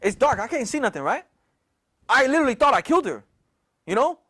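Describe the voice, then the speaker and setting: A young man casually telling a story in slangy, profane, animated talk with a lot of repetition. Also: very high voice, fast. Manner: slangy, profane, animated retelling with many repeats.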